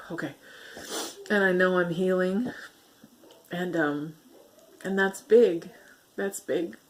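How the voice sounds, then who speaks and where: A woman talking earnestly to her camera in a personal vlog, halting and soft, getting emotional and laughing gently through it. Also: fairly low pitch, a little hiss or hum. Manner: soft, halting delivery with fillers and repeats. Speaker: vlogger sharing her healing story. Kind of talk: heartfelt personal vlog talk.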